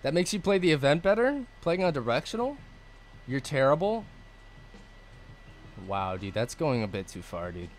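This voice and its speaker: A man streaming live gameplay and answering his chat, cursing often and swinging between low mutters and angry outbursts. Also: big pitch swings, moderate pace, long pauses, slight background noise. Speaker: gaming streamer.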